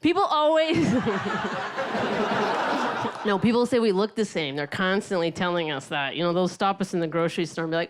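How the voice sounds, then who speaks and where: Deadpan, giggly female comic. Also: mid-range voice, normal speed, very noisy. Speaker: stand-up comedian. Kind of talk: stand-up set.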